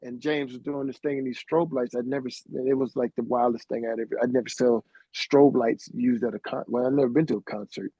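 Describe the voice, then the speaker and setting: Gravelly, husky middle-aged man telling stories. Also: mid-range voice, steady tone, a little fast, few pauses, mellow, dry recording. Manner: rambling anecdotes peppered with "man". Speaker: interview guest, keyboardist. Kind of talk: casual storytelling interview. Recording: dry, dull lo-fi sound.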